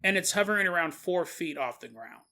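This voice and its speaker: A man hosting a podcast who narrates a story in an animated way and acts out its characters. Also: sits high, fairly quick. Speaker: podcast host.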